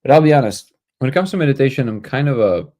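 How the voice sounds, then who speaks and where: A man hosting a casual livestream, answering viewer comments in a relaxed, joking way and thinking aloud as he goes. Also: mid-range voice, quick pace. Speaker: livestream host.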